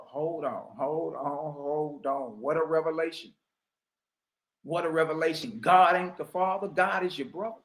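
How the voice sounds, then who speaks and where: A man with a somewhat high voice teaches spirituality in an emphatic, preaching style, speaking at a measured pace and packing his commentary with slang and asides to his listeners. The audio is poor and sounds roomy.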